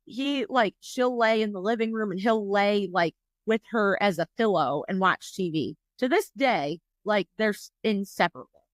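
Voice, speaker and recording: A woman's voice: medium pitch, moderate pace, no echo. A woman from New York State hosting a podcast interview, chatty and upbeat with lots of casual fillers. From New York State, USA. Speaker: podcast host.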